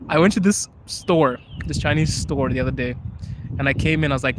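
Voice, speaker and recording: A man's voice: fairly high pitch, quick pace, background noise. A young man from Zimbabwe hosting a live chat, answering viewers casually, laughing often and switching languages. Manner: laughs often, switches between English, Chinese and Russian. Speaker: podcast host.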